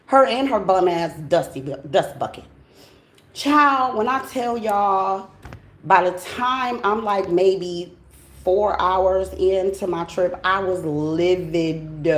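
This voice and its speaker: A woman's voice: medium pitch, takes it slowly. A woman tells a rambling story straight to her viewers. She laughs, swears and acts out every line of dialogue with big swings in her voice. The echo of the room rings around her. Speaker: tarot reader and channel host. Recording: echoey room.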